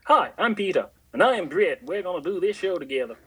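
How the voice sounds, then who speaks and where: A man's voice: high voice, sing-song, fast talker, bright, forceful tone, slightly rough, full character voice. A man voicing a cheerful young southern woman with an exaggerated drawl. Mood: folksy. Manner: exaggerated hick drawl with yee-hollers.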